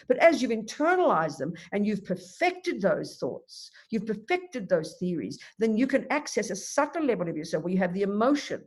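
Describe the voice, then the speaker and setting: A woman teaches a dharma talk with emphatic, animated delivery, leaning on vivid everyday examples. Her voice is husky and a little breathy, sitting at a middle pitch. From Australia. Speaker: Buddhist nun teacher.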